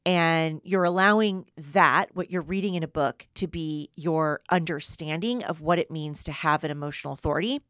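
A woman's voice: low voice, normal speed, hardly any pauses, fairly bright tone, smooth, no echo, clean studio sound. A woman hosting a solo podcast, explaining in an earnest teaching way and often checking in with "right?". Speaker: podcast host and human design coach.

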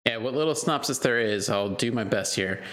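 A man's voice: medium pitch, a little fast, a bit bright. A man co-hosting a casual podcast, often chuckling and stumbling over his words as he talks. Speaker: podcast co-host.

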